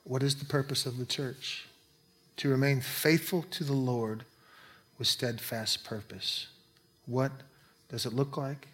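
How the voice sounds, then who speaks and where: A pastor preaching a sermon in a conversational way, breaking into quick asides. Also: male voice, medium pitch, fairly even intonation, a bit bright.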